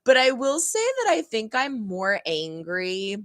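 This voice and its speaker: A woman's voice: on the high side, huge pitch swings, a little slow, fairly bright tone, no echo, studio quality. A young woman hosting a reaction channel, chatting casually and rambling about a TV episode, laughing often and acting out heated lines.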